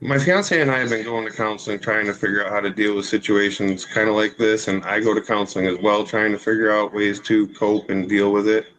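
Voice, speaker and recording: A man giving courtroom testimony, rambling and apologizing as he goes, with his words padded by ums and restarts. His voice sits a little low. A faint room hum lingers behind him. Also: fairly even intonation, a little fast, hardly any pauses, fairly bright tone, poor audio. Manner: rambling, apologetic, full of fillers.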